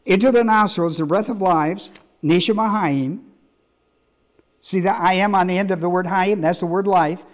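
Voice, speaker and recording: A man's voice: sits high, normal speed. A man, a pastor, teaching a sermon in an emphatic way, repeating words and putting questions to his listeners.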